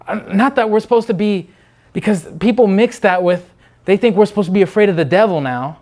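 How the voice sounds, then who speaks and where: A male preacher with a high, light, slightly mellow voice delivers an unscripted sermon at a fairly quick pace. He insists fervently, circling back to his points again and again, and now and then slips into short imitations of other people before returning to his own urging.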